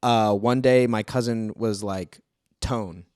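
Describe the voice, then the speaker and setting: A man's voice: on the low side, steady tone, slow, a little mellow, smooth, no room sound, clean studio sound. A young man co-hosting a podcast, telling stories in casual chat and swearing freely. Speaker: podcast co-host.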